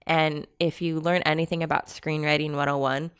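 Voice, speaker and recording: A woman's voice: deep voice, level tone, moderate pace, clear, resonant tone. A woman in her thirties co-hosting a podcast, earnestly retelling movie scenes in casual chat with a friend and often laughing. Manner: casual swearing. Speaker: podcast co-host.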